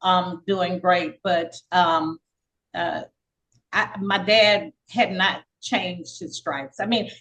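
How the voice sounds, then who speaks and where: An older woman, a podcast guest, telling her life story in a casual, lively way and acting out the voices of people she quotes. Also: medium pitch, low-quality recording. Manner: lively, acts out quoted dialogue; frequent fillers and repeats.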